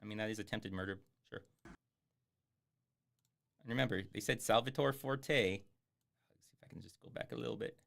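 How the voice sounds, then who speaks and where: A man's voice: fairly low pitch, moderate pace, creaky, long pauses, a bit bright. A man giving sarcastic, swearing live commentary on a film as he streams it. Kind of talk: casual livestream commentary.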